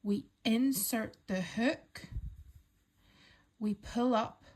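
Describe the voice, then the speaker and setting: A woman calmly talking learners through a crochet pattern step by step, counting stitches aloud and reassuring them. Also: fairly high pitch, drawn-out words. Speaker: crochet instructor. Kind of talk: step-by-step craft tutorial.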